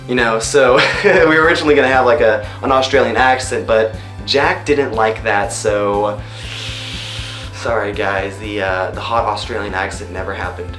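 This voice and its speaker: A man who works as a voice actor chats loosely about his roles in a behind-the-scenes interview, often pausing on ums and you-knows. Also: fairly low pitch, a bit bright. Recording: roomy room echo. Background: faint music.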